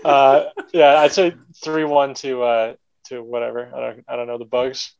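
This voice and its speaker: A man's voice: medium pitch, little pitch movement, normal speed, gravelly, a little mellow, smooth. Male panelist, giggly, dry humor, slightly muffled lo-fi audio. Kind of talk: casual chat. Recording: slightly dull, lo-fi sound.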